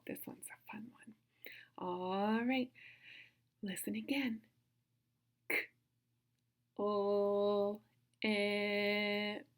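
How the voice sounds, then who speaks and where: A woman teaching a kindergarten phonics lesson, sounding out words slowly in an encouraging sing-song way. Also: medium pitch, husky. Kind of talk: phonics lesson for young children.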